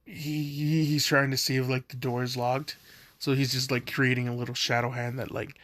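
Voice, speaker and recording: A man's voice: mid-range voice, flat delivery, moderate pace, a bit bright, no echo. A young man casually retelling a fan story, rambling with lots of fillers and laughing at himself.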